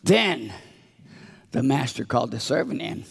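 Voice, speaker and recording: A man's voice: mid-range voice, big pitch swings, measured pace, vocal fry, breathy edge. A man giving a children's sermon in a church, telling a story with acted-out voices. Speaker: children's minister. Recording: reverberant hall.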